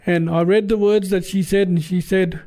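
A man's voice: high voice, steady tone, moderate pace, mellow. An Australian man telling a personal story in an earnest, plain-spoken, conversational way. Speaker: guest telling his testimony.

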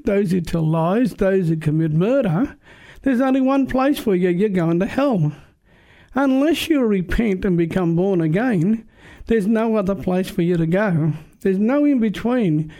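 A man's voice: sits high, animated, normal speed, dark tone. A man preaching and giving his personal testimony in an earnest, emphatic, plain-spoken way. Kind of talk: testimony sermon.

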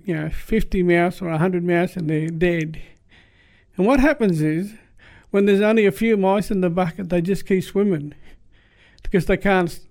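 A man's voice: high voice, a little mellow. A man giving an informal, conversational sermon, repeating phrases and saying "you know" often. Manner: conversational, repetitive, many "you know" fillers. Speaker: lay preacher giving testimony.

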